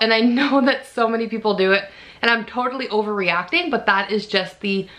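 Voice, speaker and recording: A woman in her thirties chatting casually in a vlog, emotional and quick to laugh, sounding tired. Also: on the high side, fairly bright tone. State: fatigued. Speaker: vlogger.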